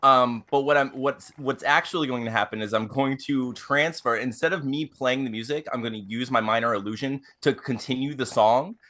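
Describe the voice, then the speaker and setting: Brief: male player, bright sharp voice, halting and thinking aloud. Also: mid-range voice. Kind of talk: casual tabletop play.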